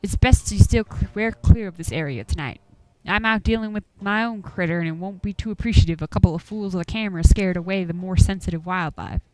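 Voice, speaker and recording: A woman's voice: medium pitch, fairly quick, darkish tone, no echo, natural voice, poor audio. A woman voicing a stubborn old rural man from the Appalachian hills, with a folksy drawl, grumbling and scolding. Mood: gruff. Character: gruff old rural man, stubborn chicken farmer and hunter.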